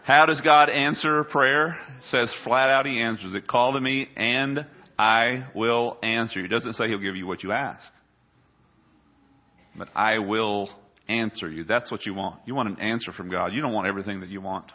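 A man preaching a sermon as a pastor, swelling loud and high when quoting scripture and dropping low and quiet for asides. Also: moderate pace, muffled recording.

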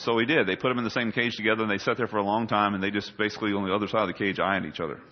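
A man preaching a sermon as a pastor, swelling loud and high when quoting scripture and dropping low and quiet for asides. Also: steady tone, racing, few pauses, lo-fi sound.

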